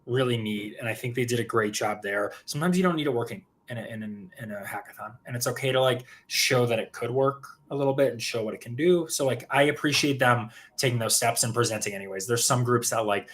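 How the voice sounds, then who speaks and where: A man's voice: mid-range voice, fast talker, few pauses, a bit bright. A man co-hosting a livestream in casual chat, rambling and restarting his sentences. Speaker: co-host.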